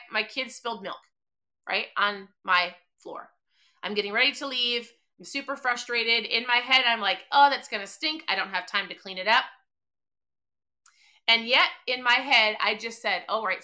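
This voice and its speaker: A middle-aged woman delivers a motivational podcast talk with lots of emphasis. Her voice is very bright and sits a bit high for a woman. She slips into quoted dialogue as she goes. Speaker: podcast host.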